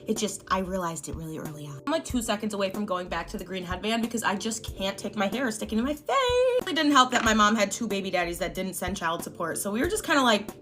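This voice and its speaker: Fast, bright-voiced young woman storyteller. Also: medium pitch. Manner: animated, swearing, dramatic emphasis. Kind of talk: storytime over gameplay. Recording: faint background music.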